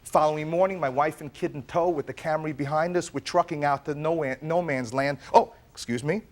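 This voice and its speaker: Excitable man telling a story, higher voice. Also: fairly quick. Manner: animated, stumbling storyteller who repeats words. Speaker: plaintiff in a TV courtroom. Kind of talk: telling his side in court.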